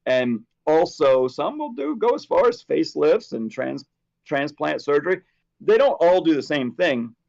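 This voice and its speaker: A man's voice: on the high side, measured pace, creaky, muffled recording. A man co-hosting a casual chat show, telling stories as a hair replacement specialist. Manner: chatty storyteller, animated.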